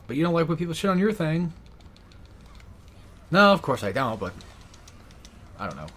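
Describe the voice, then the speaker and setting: A man's voice: a little high, big pitch swings, normal speed, a bit bright. A young man giving casual, rambling gameplay commentary, sarcastic and swearing often. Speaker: gaming YouTuber.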